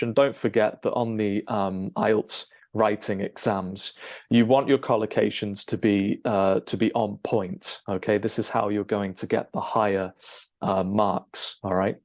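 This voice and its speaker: A man, an English teacher, explaining a lesson over a shared screen, checking in with "okay?" and filling pauses with "um". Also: fairly low pitch, a little mellow. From United Kingdom. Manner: explanatory, frequent "okay?" check-ins and "um" fillers.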